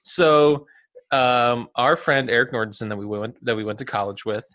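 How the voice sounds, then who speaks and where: Man in his thirties, New Jersey accent, bright voice, joking podcast host. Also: mid-range voice, moderate pace. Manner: jokey, laughs a lot, drops into goofy voices. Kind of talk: casual podcast chat.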